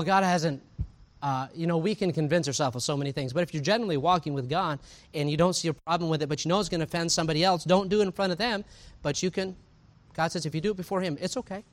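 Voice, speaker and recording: A man, preaching a sermon in a conversational, animated way, full of asides and rhetorical questions. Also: a little high. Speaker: pastor.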